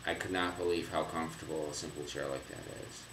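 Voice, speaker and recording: Man, very deep voice, off-mic co-host, matter-of-fact chat, roomy sound. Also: steady tone, fairly quick, a bit bright, distant mic, a little hiss or hum. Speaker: co-host, husband. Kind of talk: casual chat. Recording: echoey room, away from the mic.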